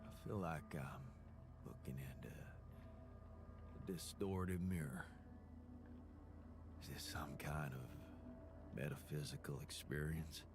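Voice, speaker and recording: A man's voice: rumbling low, slow pace, pauses often, noisy background, full character voice. An actor playing a troubled, bewildered alternate version of a man in a video game, speaking with a Southern accent in a hesitant, searching way that drops to whispers. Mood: confused. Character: troubled male alter self, rugged, bewildered.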